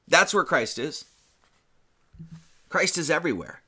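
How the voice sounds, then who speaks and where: Lively man preaching a casual sermon. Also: fairly high pitch, moderate pace. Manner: animated, chatty, many restarts and slang. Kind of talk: casual sermon with Bible reading.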